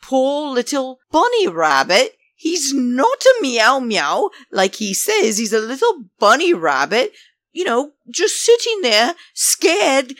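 A woman's voice: high-pitched, huge pitch swings, slow, fairly bright tone, dry recording. A woman giving chatty, gossipy commentary on a reality show, laughing often and calling her viewers darlings. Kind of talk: casual commentary vlog.

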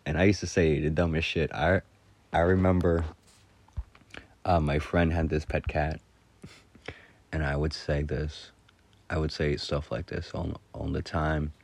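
A man's voice: extremely low pitch, flat delivery, a little slow, creaky, pauses often, darkish tone. A middle-aged man casually telling stories, laughing often and rambling with crude humor. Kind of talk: casual storytelling monologue.

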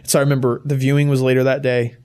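A young adult man giving a personal testimony to an audience, halting and emotional, with many restarts. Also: medium pitch, flat delivery, a little mellow, clear, resonant tone. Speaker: guest speaker.

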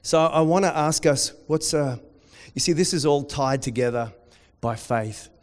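A man preaching a sermon, dropping to quiet intensity and rising to loud, excited storytelling. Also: on the high side, unhurried. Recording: long hall reverb.

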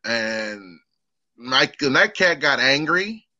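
A man with a bright, forceful voice chats casually on a podcast and tells a story. He acts out the people he quotes as he goes. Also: medium pitch, very animated, takes it slowly, lo-fi sound. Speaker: podcast co-host. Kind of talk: casual chat.

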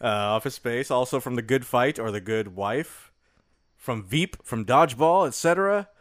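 Male podcast co-host, casual and jokey, very animated delivery. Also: mid-range voice, moderate pace, no echo, clean studio sound. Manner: joking, laughs often. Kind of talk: casual chat.

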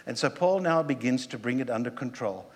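A man's voice: mid-range voice, expressive, a little fast. Male preacher in a reverberant hall. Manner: conversational preaching with rhetorical questions and asides. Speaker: pastor. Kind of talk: sermon.

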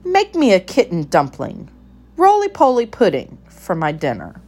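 A woman's voice: on the low side, huge pitch swings, normal speed, a little mellow, husky, heavily acted. A woman voicing a greedy, fussy old male rat who speaks in formal, long-winded phrases. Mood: commanding.

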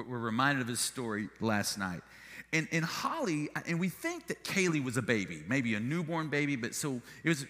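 A man's voice: a little high, in a large hall. A male pastor preaching a sermon, telling stories with humor and energy. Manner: animated storytelling with humor.

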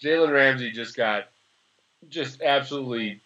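A young man in his early twenties talks sports on a casual podcast, rambling and sarcastic. His voice is bright and forceful. The recording sounds a little dull and lo-fi. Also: medium pitch. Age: early 20s. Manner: rambling, sarcastic, quick to laugh. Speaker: podcast co-host.

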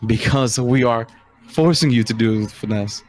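A man's voice: mid-range voice, normal speed. Guy running a tabletop game, narrating, some faint music behind. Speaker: game master.

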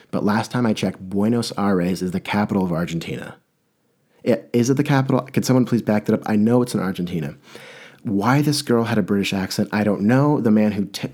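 A young man talking alone on his podcast in a rambling, self-mocking way. His voice sits a little low, and he keeps breaking off mid-sentence to start over. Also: a little mellow. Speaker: podcast host. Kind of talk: casual solo podcast monologue.

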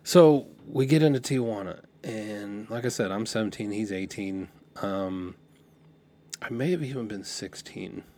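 A middle-aged podcast host with a fairly low, unhurried voice casually spins a rambling tale from his youth. He keeps restarting and correcting his sentences, and he livens up whenever he quotes someone.

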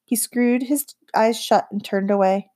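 A woman narrating an audiobook in a calm, measured storytelling voice. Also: on the high side.

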